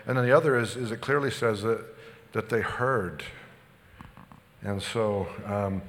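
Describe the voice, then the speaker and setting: A man preaching a sermon as a church pastor, slightly out of breath, relaxed and halting with frequent restarts. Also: fairly low pitch. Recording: long church reverb.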